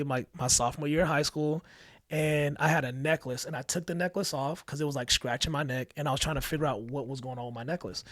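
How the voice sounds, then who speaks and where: A man telling family stories on a podcast, animated and acting out the lines of the people he quotes. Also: on the high side, dry recording. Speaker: podcast guest. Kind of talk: casual storytelling chat.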